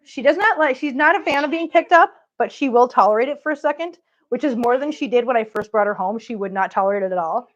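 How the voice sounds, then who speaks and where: Talking fast and animatedly in a slightly high voice, a channel host runs a laid-back livestream where she chats with viewers and baby-talks her cats. The audio is dull and lo-fi.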